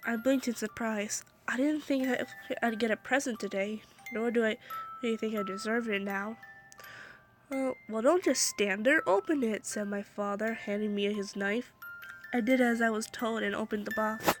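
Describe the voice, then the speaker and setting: A woman's voice: a little high, fairly even intonation, moderate pace, soft background music. A young woman reading a fan story aloud into her phone, stumbling and restarting often, her throat scratchy. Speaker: story reader.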